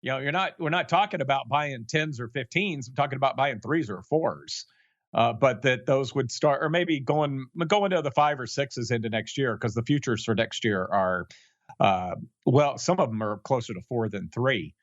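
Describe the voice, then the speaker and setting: A man's voice: medium pitch, normal speed, no room sound, highs cut off. A man speaking as a guest expert in casual chat, rambling with self-deprecating humor.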